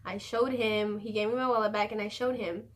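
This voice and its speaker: A woman's voice: mid-range voice, steady tone, a little fast. A young adult woman telling a story in casual vlog style, chatty and profane, full of fillers. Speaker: vlogger.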